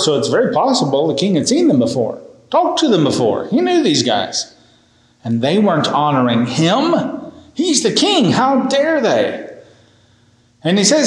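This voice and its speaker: Man, minister, preaching, emphatic, fairly high voice, echoey church sanctuary. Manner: animated storytelling, emphatic. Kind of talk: sermon.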